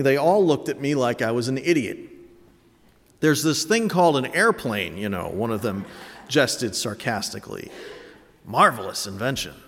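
A man's voice: mid-range voice, fairly bright tone. Guy pushing forty preaching a sermon, storytelling w dry jokes, long church echo. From Connecticut, USA. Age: late 30s. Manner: reflective storytelling with dry self-mocking humor. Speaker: pastor.

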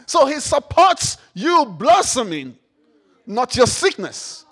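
High-pitched man preaching a sermon. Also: big pitch swings, takes it slowly, slightly rough. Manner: call-and-response, repeats phrases, rises to shouts; rhetorical questions to the audience.

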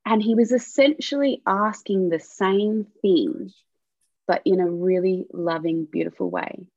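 A woman guest on a podcast, a miscarriage and abortion coach, speaking openly and warmly about her own experience. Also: medium pitch, steady tone, measured pace, no echo, muffled recording. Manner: open, heartfelt, sharing personal experience. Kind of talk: candid podcast conversation.

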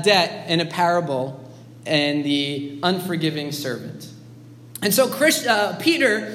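High-voiced man preaching in a reverberant hall. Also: a bit bright. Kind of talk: sermon. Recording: long hall reverb, faint background noise.

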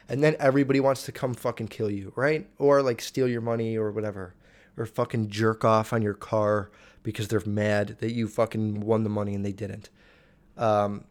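Young male vlogger, mid-pitched, crude and rambling, swears constantly, trips over words while reading aloud. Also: normal speed. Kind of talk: casual profane monologue.

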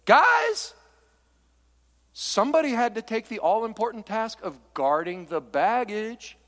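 A man preaching with wild, sweeping swings of pitch, from hushed asides to fervent near-shouts. His voice sits a little high for a man. It rings out through a large church hall with a long reverb trailing behind every phrase. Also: expressive, normal speed. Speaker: pastor. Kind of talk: sermon. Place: church sanctuary.

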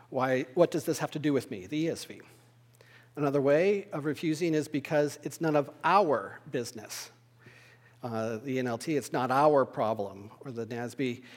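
A man teaching a Bible study lesson, explaining word meanings in a measured, thoughtful way. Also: mid-range voice, big-room sound.

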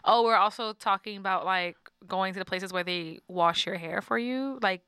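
A woman's voice: medium pitch, normal speed, bright, forceful tone, clear, resonant tone, no echo, studio quality. A woman co-hosting a podcast, rambling in a chatty, giggly way. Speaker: podcast co-host. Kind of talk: casual chat.

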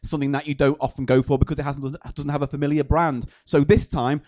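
A man's voice: on the high side, level tone, quick pace, darkish tone, no echo. A man hosting a casual comedy podcast segment, playful and rambling. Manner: playful, rambling, self-mocking. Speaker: podcast host.

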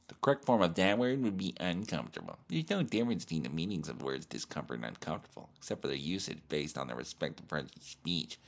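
A comedian and podcast host talking alone, rambling in a profane, self-deprecating way. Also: male voice, sits low, creaky. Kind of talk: solo podcast monologue.

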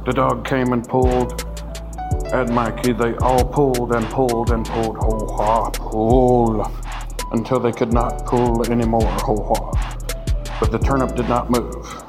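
A man softly reading a children's story in a whispered role-play style, adding silly refrains. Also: mid-range voice, little pitch movement, unhurried, low-quality recording. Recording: music playing behind.

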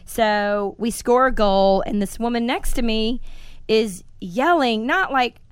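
A woman in her forties hosting a casual podcast, telling stories in a blunt, animated way and swearing freely. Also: a little high, slow, smooth, no room sound. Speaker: podcast host.

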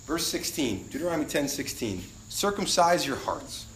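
A young man preaches to his congregation with lively energy, slipping into the voices of the people in his stories. His voice sits a little high. The sound is roomy, with the echo of a church sanctuary around him. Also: moderate pace, a little hiss or hum. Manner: animated, acts out quoted voices. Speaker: pastor. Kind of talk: sermon.

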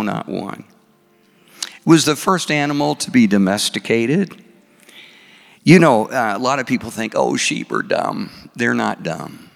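A man preaching a sermon, asking his congregation questions and reciting scripture slowly. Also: medium pitch, gravelly, fairly bright tone. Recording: long hall reverb.

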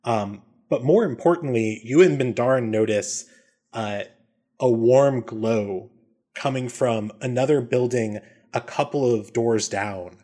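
Male game master, easygoing narration with plenty of filler ums, average pitch. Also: measured pace. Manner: relaxed, many ums and uhs.

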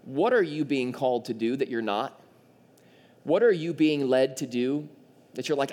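This sermon comes fairly quickly from a male pastor whose voice is fairly high. Animated throughout, he slips into playful character voices for the people in his tale.

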